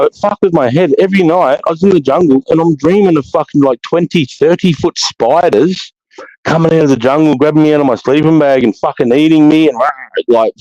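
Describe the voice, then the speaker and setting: A middle-aged Australian man hosting a casual livestream chat, blunt and swearing often, telling stories with animated, jumping energy. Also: mid-range voice, dry recording. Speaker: livestream host, army veteran. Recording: dull, dry lo-fi stream audio.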